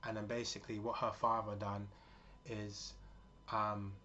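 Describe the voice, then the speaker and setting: Man in his forties, earnest monologue, rambling, lowish voice, lo-fi muffled sound. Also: level tone, measured pace, bright, forceful tone. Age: 40s. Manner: rambling, earnest, full of fillers. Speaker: vlogger. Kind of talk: casual spoken monologue. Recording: dull lo-fi with faint noise.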